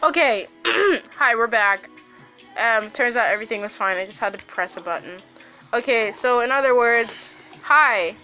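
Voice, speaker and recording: A teenage girl hosting a casual podcast, her voice bright and a little high. She swears freely and bursts into laughs as she talks. Soft music plays underneath. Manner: loud, laughing, swears often. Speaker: podcast host. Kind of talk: casual chat.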